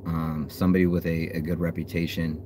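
A man hosting a fan livestream, chatting casually and cursing, swinging from low muttering to loud hype. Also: little pitch movement, brisk, background noise. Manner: hyped, profane, swings from low mutter to yelling. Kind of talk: casual live stream chat. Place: outdoors.

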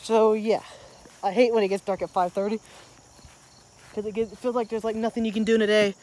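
Fast-talking woman vlogger, rambling chat. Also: mid-range voice, flat delivery, warm tone. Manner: rambling, chatty, talks to her pets. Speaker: daily vlogger. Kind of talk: casual vlog chat. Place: rural home and garden.

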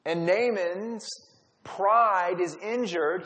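A man's voice: a little high, moderate pace. A man leading a Bible study in a conversational teaching style, retelling stories and acting out quotes. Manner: storytelling, acts out quotes. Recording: long hall reverb.

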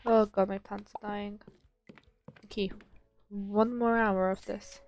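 A woman's voice: mid-range voice, level tone, takes it slowly, darkish tone, a little hiss or hum. A young woman giving casual commentary while playing a bakery game, chatting to herself and to the customers in the game. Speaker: gaming channel host.

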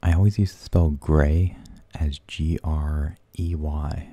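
Very deep-voiced soft-spoken man. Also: fairly even intonation, takes it slowly, breathy edge, no echo. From United States. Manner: soft, hesitant, half-whispered, searching for words. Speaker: ASMR channel host. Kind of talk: soft-spoken ASMR rambling.

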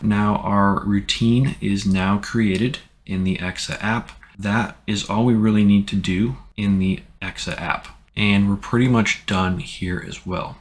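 Deep-voiced man walking through a tutorial. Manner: relaxed, plain instructions with frequent "um" and "so". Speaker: tech tutorial host. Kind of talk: casual step-by-step screen tutorial.

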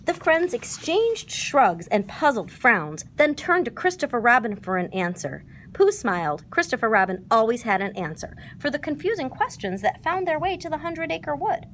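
A woman reading a children's storybook aloud, expressive in her narration. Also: mid-range voice, normal speed, slight background noise.

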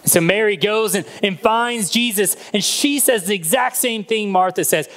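A man's voice: sits high, normal speed, few pauses, fairly bright tone. A man preaching a sermon as a pastor, retelling a Bible story and acting out the voices in it.

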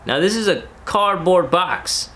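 A man's voice: high voice, expressive, unhurried, sharp tone. Laid-back man telling a story. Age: 30s. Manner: rambling, filler-heavy, laid-back slang. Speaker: reptile keeper and vlogger. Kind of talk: casual storytelling.

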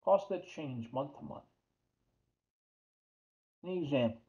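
A man with a slightly high, dark-toned voice marked by vocal fry lectures on accounting at a measured, expressive pace. His New York accent comes through as he chats, repeats key terms, and questions the class, all in dull lo-fi audio.

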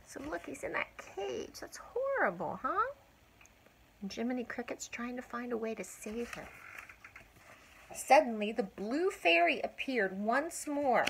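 Older woman reading a storybook slowly. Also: on the high side, creaky, a little hiss or hum, low-quality recording. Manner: slow, expressive, drawn-out emphasis. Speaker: grandmother reading aloud. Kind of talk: storybook read-aloud with asides to a child.

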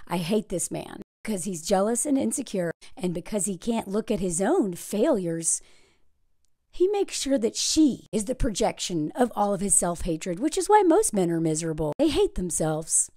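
A woman's voice: mid-range voice, warm tone, dry recording, clean studio sound. A woman giving blunt, sarcastic commentary on a film, with emphatic delivery. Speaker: video creator reviewing a film.

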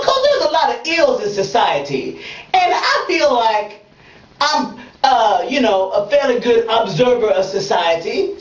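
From a bathtub, a woman hosting a comedic web show performs a monologue, her pitch leaping as she swings between playfulness and mock outrage. Her voice bounces off the bathroom walls in a roomy sound. She sits back from a dull, lo-fi mic, so she sounds distant.

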